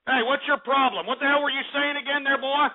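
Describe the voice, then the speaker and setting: A man's voice: extremely high pitch, steady tone, fast. A man hosting a call-in radio show, brash and insulting, rambling with lots of fillers. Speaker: radio host. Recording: tinny phone-like radio sound.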